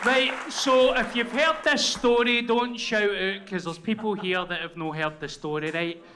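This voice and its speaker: A Glaswegian man on stage telling a story, sweary and self-deprecating, tagging lines with "right?". His voice sits fairly high for a man. A lively crowd and room noise fill the background. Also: measured pace. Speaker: comedian guest. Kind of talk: live stand-up storytelling. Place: comedy venue.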